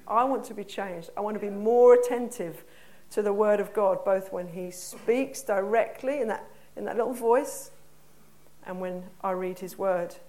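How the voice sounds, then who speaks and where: A woman's voice: mid-range voice, darkish tone. A woman preacher with an English accent gives a conversational sermon, putting questions to her congregation in a church hall.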